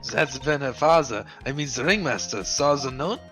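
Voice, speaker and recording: A man's voice: mid-range voice, animated, normal speed, fairly bright tone, faint music behind, natural voice. A man reading a curious young sidekick girl.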